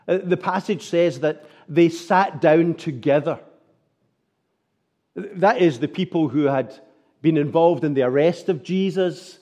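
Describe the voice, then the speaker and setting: A man's voice: fairly high pitch, dark tone. A man preaching a sermon, earnest and full of rhetorical tag questions.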